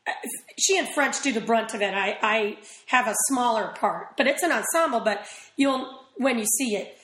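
A woman chatting casually as a guest in an interview, rambling with quick asides. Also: on the high side, fairly bright tone, roomy sound, rough recording. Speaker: actress guest.

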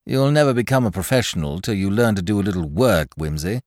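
A man's voice: fairly low pitch, expressive, fast talker, a little mellow, dry recording, lightly acted. A man voicing a dry, matter-of-fact police detective in a storybook reading.

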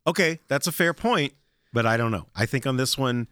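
A young man with a Midwestern accent co-hosting a casual chat show, animated and fond of reading descriptions dramatically. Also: medium pitch, moderate pace, clean tone, dry recording, studio quality. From Chicago area. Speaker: podcast co-host.

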